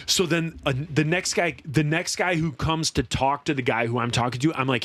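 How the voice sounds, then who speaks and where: A man with a fairly high voice talks a little fast, barely pausing, with no room sound in the recording. Co-hosting a podcast, this band member tells a story in casual chat, animatedly acting out the people he quotes.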